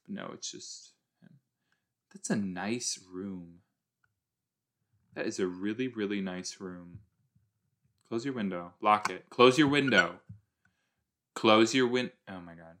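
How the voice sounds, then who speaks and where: A man giving chatty, excitable reaction commentary as he watches a TV episode, gasping and exclaiming along. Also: lowish voice, slow, pauses often. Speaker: reaction video host.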